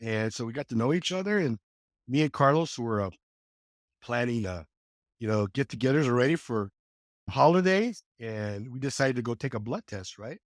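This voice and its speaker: Man in his 60s from California, mid-pitched, very lively intonation, animated storyteller, dry close sound. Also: normal speed, no echo. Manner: animated, acts out quoted dialogue with lively pitch jumps. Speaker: podcast guest. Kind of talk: conversational storytelling.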